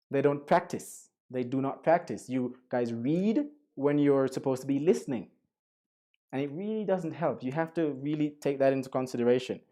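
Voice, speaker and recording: A man's voice: medium pitch, dark tone. A man from Jamaica, giving a chatty online lecture with Spanish asides. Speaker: guest lecturer.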